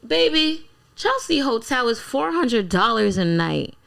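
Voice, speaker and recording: A woman musician from Philadelphia telling stories in a casual interview, animated and acting out quotes. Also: fairly high pitch, measured pace, vocal fry. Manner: animated storyteller, acts out quotes, exclaims. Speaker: guest musician.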